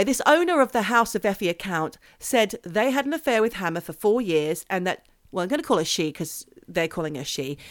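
A woman's voice: medium pitch, fairly bright tone, dry recording, clean studio sound. A woman co-hosting a podcast, telling a story in a chatty, jokey way with casual swearing and asides. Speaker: podcast co-host. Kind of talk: casual chat, storytelling a true-crime topic.

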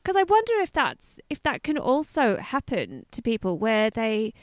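A woman's voice: on the high side, normal speed, no room sound. A woman in her thirties co-hosting a podcast, wondering aloud in casual chat. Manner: animated, laughs often, wonders aloud. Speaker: podcast co-host.

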